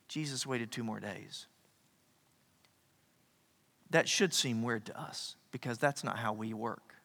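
A male pastor preaching a sermon, animated, swinging from loud emphasis to near-whispers. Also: mid-range voice, slow, gravelly, long pauses. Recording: echoey hall reverb.

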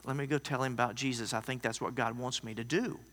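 A man preaching a sermon, telling a story that swings from loud to hushed. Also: medium pitch, fairly even intonation, fast. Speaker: pastor. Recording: long hall reverb.

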